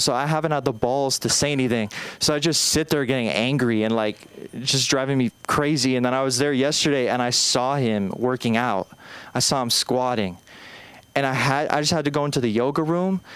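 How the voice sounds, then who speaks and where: A young male comedian working an open-mic stage, his voice sitting in a middle pitch with a smooth, resonant tone. He rambles anxiously through self-deprecating bits, stumbling and restarting his sentences. The voice comes through a handheld mic in a small club. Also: a bit bright, no room sound. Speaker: stand-up comedian. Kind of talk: open-mic stand-up set.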